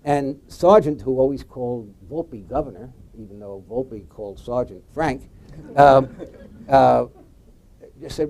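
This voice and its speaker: A man's voice: measured pace, darkish tone, rough recording. A man on a forum panel telling a long political anecdote, acting out quoted lines. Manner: anecdotal, voices quotes with pitch jumps.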